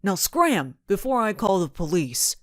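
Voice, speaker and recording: A woman's voice: mid-range voice, sing-song, a little slow, no room sound, studio quality. A woman voicing a hostile, sneering grown male crook. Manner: sneering, scornful.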